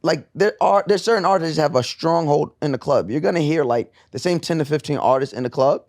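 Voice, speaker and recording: A man from New York co-hosting a podcast, animated and jokey in casual chat. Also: a little high, brisk, no echo, studio quality. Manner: animated, jokey, breaks into playful put-on voices. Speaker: podcast co-host.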